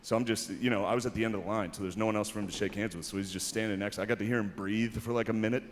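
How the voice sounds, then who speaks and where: A man's voice: fairly low pitch, steady tone, very fast, noisy background. A man doing a stand-up monologue while hosting an awards show, with a laid-back, self-mocking delivery, in broadcast audio from a large hall.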